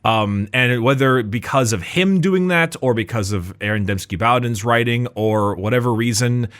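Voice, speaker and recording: A man's voice: medium pitch, normal speed, a bit bright, smooth. A man in casual podcast chat, rambling with lots of fillers and restarts, laughing often. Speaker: podcast co-host.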